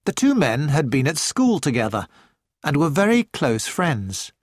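A man reading an audiobook in a measured, deliberate storytelling manner. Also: on the high side, big pitch swings, dry recording, studio quality. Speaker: audiobook narrator. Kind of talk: scripted narration.

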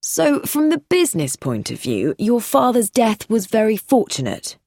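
A woman doing a calm, probing inspector. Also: a little high, gravelly, dry recording, studio quality, voice pushed up, full character voice. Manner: measured and persistent.

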